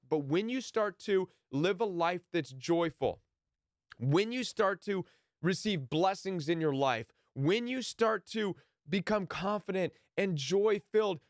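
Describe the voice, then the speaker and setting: A man's voice: sits high, dry recording, clean studio sound. A man teaching a Bible passage in a sermon style, earnest and emphatic, briefly acting out the people he quotes.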